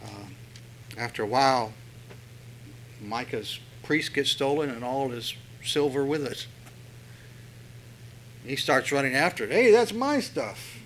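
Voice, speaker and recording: Male preacher, bright voice, chatty storytelling sermon, faint hum. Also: medium pitch, a little slow, long pauses, poor audio. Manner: conversational, storytelling, with many fillers.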